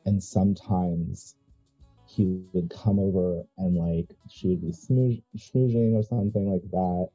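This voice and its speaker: A man's voice: deep voice, fairly even intonation, unhurried, warm tone, slightly rough, muffled recording, soft background music. A man player rambling with many fillers while describing his character. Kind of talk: casual role-play talk.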